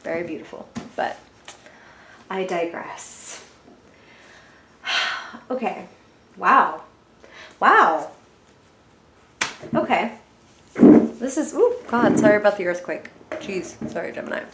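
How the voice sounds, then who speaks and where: A woman's voice: mid-range voice, animated, slow, long pauses, noisy background. A young woman giving a casual, chatty tarot reading, full of filler words and giggles. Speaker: tarot reader. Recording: echoey room.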